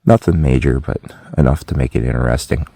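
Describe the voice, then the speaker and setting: A man with a very deep, dark voice gives a relaxed morning update to the camera. He talks plainly from a snowy mountain campsite, and the sound is close and dry, without echo. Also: a little fast. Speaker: vlogger. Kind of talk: morning camp vlog to camera.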